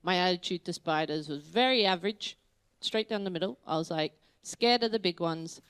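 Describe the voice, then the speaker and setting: A woman's voice: on the low side, normal speed, clean tone, dry recording. An Australian woman performing a stand-up comedy set in a club, rambling and breaking off with laughs. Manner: rambling, self-interrupting, laughing through lines. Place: comedy club stage with live audience.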